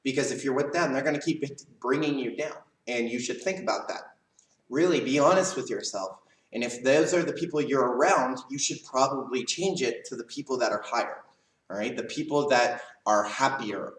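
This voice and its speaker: A man teaching a live leadership class to kids as a karate instructor, calm and earnest, speaking straight to his students. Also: medium pitch, normal speed, distant mic. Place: karate school. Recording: roomy, mic set back.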